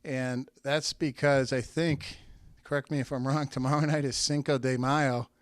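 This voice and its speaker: A man's voice: mid-range voice, little pitch movement, moderate pace, no room sound. A man from New England hosting a weekly music interview show in a chatty, rambling way with many fillers. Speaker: podcast host. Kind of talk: casual interview chat.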